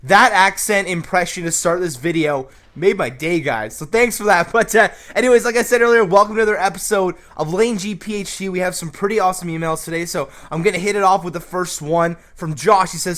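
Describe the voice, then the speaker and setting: A man hosting a comedic advice vlog and shouting hyped gameplay commentary, brash and crude with constant jokes. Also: high voice, a little fast, few pauses. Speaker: YouTube host.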